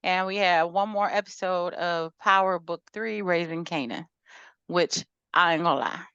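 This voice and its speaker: A woman's voice: on the low side, normal speed, gravelly, fairly bright tone, clear, resonant tone, no echo, lo-fi sound. A woman co-hosting a podcast, chatting casually in a laid-back, slangy storytelling way. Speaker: podcast co-host. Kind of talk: casual chat.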